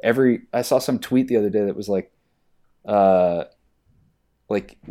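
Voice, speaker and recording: In a casual podcast conversation, a male actor with a fairly low pitch talks at normal speed. His storytelling is animated, and he mimics exchanges using mocking voices.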